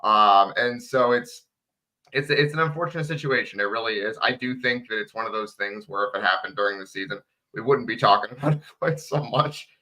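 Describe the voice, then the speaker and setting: Low, bright-toned male sports reporter. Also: a little fast, poor audio. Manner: fills with "like" and "right". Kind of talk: casual sports radio chat.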